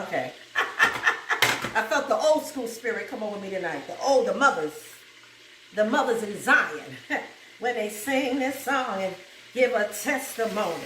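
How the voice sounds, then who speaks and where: In a home cooking video, a New York-accented host chats easily, laughs frequently, and slips into bursts of gospel song while food fries. Her medium-pitched voice is unhurried and lively in intonation. The roomy kitchen audio is picked up from off-mic, with a noisy background.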